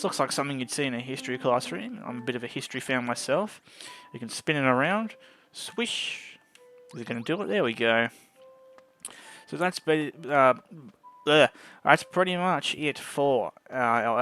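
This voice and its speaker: A man's voice: mid-range voice, a bit bright. A man giving casual gameplay commentary into a desk microphone, chatty and often tripping over his words. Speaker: gameplay video host. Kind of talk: casual let's-play commentary.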